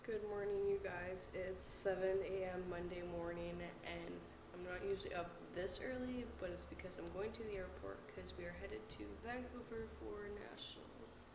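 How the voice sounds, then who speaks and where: A woman's voice: medium pitch, steady tone, moderate pace, hardly any pauses, noisy background. A young adult woman, a powerlifter, chatting casually to camera in a vlog and filling her talk with lots of "like". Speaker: powerlifter vlogger.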